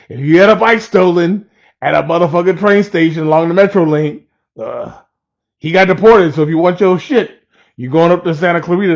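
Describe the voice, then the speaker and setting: Man, casual storytelling, profane, rambling, slightly high pitch, dull lo-fi audio. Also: gravelly. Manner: profane, chuckling, loose and rambling. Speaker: storyteller vlogger.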